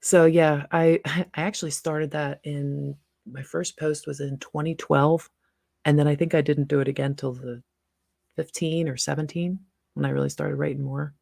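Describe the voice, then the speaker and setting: A woman's voice: deep voice, fairly even intonation, moderate pace, vocal fry, a little mellow, no room sound, studio quality. A middle-aged woman hosting a casual livestream, chatty and rambling, laughing often between asides. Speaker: livestream host.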